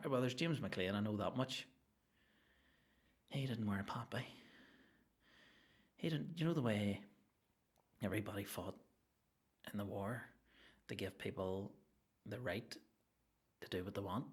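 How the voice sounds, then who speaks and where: A young adult man with a Northern Irish accent, hosting a solo comedy podcast with an animated, sweary rant that jumps from topic to topic. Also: fairly low pitch. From Northern Ireland. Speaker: podcast host.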